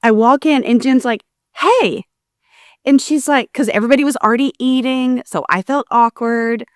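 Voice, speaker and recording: A woman's voice: on the high side, fairly quick, clear, resonant tone, no room sound, clean studio sound. A woman co-host chatting on a talk show, emotional and rambling as she cuts herself off and restarts her sentences. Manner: emotional, rambling, self-interrupting. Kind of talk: conversational chat.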